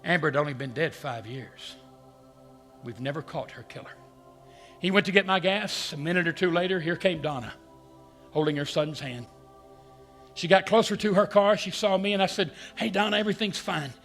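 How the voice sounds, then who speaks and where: A man telling a personal story in a dramatic way, moving between hushed lines and loud ones. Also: a little high, moderate pace, faint music behind. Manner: dramatic, swings from hushed to shouting. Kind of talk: storytelling talk.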